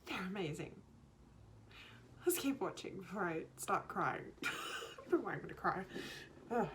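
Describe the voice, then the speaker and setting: A woman filming a casual reaction video, gushing and excitable, often joking at her own expense. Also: on the low side, measured pace, a little hiss or hum. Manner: gushing, excitable, self-mocking. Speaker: YouTube reactor. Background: faint music from the video she is watching.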